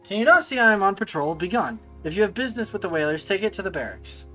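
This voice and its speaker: A man's voice: sits high, lively intonation, fast, bright, forceful tone, soft background music, pitched above the performer's own voice, rough recording. A man reading aloud and voicing a treacherous male guard from a game, who is nervous at first and sneering later. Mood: haughty. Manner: panicky yelps turning to bitter gloating.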